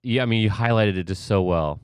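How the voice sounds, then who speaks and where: A man's voice: fairly low pitch, brisk, a little mellow, clear, resonant tone, no echo. A man, an emergency response expert guest, speaking reflectively with many filler words. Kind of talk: conversational interview.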